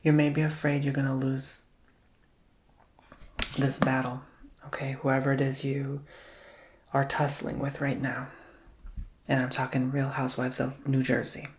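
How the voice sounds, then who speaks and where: A man giving a chatty, theatrical ASMR tarot reading that keeps dropping into soft whispers. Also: mid-range voice, monotone, a little slow, long pauses.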